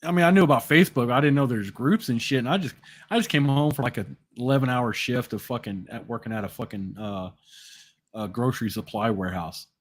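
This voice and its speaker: A man's voice: mid-range voice, brisk. Middle-aged guy cussing a lot telling a story, trips over his words. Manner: profane, storytelling with lots of cursing; restarts and repeats words. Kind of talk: casual chat.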